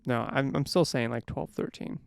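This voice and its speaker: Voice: mid-range voice, normal speed, gravelly, no echo. A podcast co-host chatting casually about a movie, leading the segment with firm opinions. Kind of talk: casual movie review chat.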